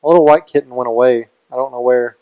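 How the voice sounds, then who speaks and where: Young male co-host, earnest and rambly, relaxed friend-to-friend chat. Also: medium pitch, fast, clean tone, phone-quality sound. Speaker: podcast co-host. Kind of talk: casual chat.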